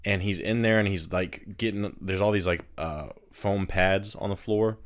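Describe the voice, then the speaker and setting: A man co-hosting a podcast, talking about a film in a relaxed, halting way with small laughs. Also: sits low. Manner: laid-back, hesitant, laughs often. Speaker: podcast co-host. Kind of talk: casual film chat.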